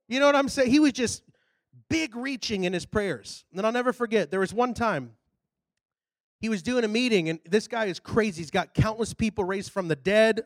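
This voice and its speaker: A man preaching a sermon in a church, telling a story in a casual, animated way and building up to loud, shouted exhortations. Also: sits high, a little fast, dry recording.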